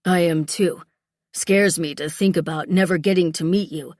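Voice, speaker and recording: A woman voicing a rugged male mountain guide in an audiobook, gruff and dry in a dry-sounding recording. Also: fairly low pitch, fairly even intonation, normal speed, darkish tone, dry recording, lightly acted. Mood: tender. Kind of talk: audiobook character voice.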